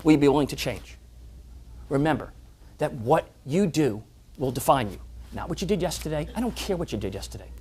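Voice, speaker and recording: A man's voice: on the high side, brisk, slightly rough. Guy giving a pep talk at a club meeting, voice swings way up and down, acts out the characters. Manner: animated, acts out quoted voices and stories. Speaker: motivational speaker. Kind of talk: motivational talk to a live audience.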